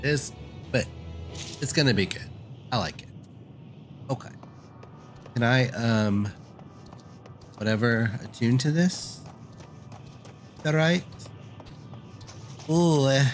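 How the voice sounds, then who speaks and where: Chatty male game streamer, soft music behind. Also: mid-range voice, slow, pauses often. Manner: chatty, self-deprecating asides. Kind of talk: casual gameplay commentary.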